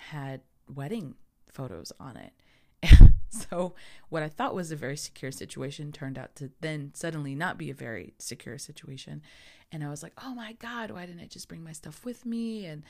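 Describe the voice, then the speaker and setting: A woman with a low, gravelly voice tells a casual personal story. Her tone is dark and mellow. She acts out her own panic in lively quoted asides. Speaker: photographer telling a travel story.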